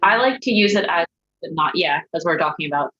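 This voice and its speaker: Bright, insistent woman on dull call audio. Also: lowish voice, animated, brisk. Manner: insistent, questioning, laughs easily. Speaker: guest. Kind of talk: casual chat.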